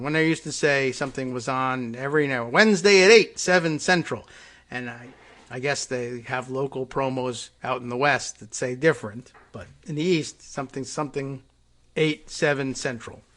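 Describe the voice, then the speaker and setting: A man's voice: mid-range voice, steady tone, normal speed, fairly bright tone. A man hosting a political talk show, reading news items aloud and breaking off into sarcastic, rambling asides full of fillers. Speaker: podcast host.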